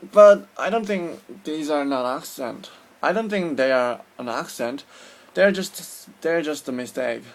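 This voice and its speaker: A native Korean speaker from Korea vlogs his opinions with a Korean accent, his voice on the high side, expressive, and measured in pace. He comes across as earnest and casual, often pausing to search for words.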